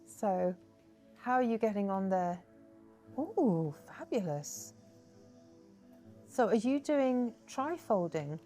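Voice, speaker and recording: A woman's voice: medium pitch, animated, slow, pauses often, dark tone, faint music behind. A woman hosting a hands-on crafting workshop, chatty and encouraging, praising her guests often as she explains each step. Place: indoor crafting table.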